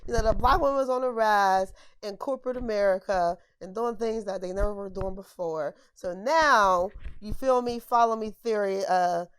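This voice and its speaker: A woman's voice: mid-range voice, normal speed, hardly any pauses, clean tone, no room sound. A young woman co-hosting a podcast, chatting casually in slang, laughing often as she talks. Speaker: podcast co-host. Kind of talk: casual chat.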